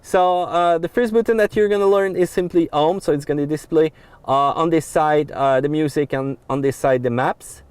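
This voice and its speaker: A man with a French accent, reviewing a pickup, describes its dashboard controls from the cab in a casual, filler-heavy way, with lots of uh sounds and restarts. His slightly high, darkish voice comes across smooth at a normal speed, with no echo.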